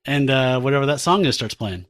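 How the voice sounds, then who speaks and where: A man's voice: medium pitch, lively intonation, a little fast, a bit bright, no room sound, studio quality. A man co-hosting a podcast, retelling a comic in casual chat and acting out lines with funny voices. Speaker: podcast co-host.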